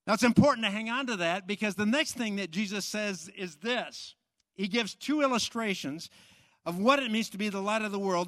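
High-voiced preaching man, dry sound. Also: pushed and bright, no room sound. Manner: emphatic preaching with repeated phrases and rhetorical questions. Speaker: pastor. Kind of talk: sermon.

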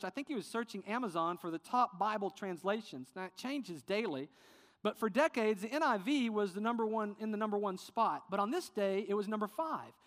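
A man preaching a sermon as pastor, earnest and sometimes softening with emotion. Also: high-pitched, long reverb tail. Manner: earnest preaching, quieter and tender when emotional.

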